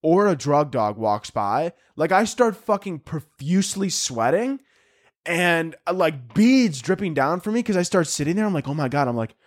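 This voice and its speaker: A man hosting a comedy podcast, his voice sitting a little higher than most. He tells profane, self-mocking stories and keeps restarting his sentences. He bursts into high, excited yells of mock panic, in a close, dry recording. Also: moderate pace, dry recording. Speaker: podcast host.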